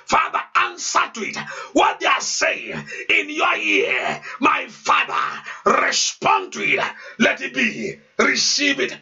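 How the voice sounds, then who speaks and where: A man pastor leading a fervent prayer, shouting repeated pleas and speaking in tongues. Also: extremely high pitch, huge pitch swings, slow pace, soft background music. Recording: distant, dull lo-fi sound.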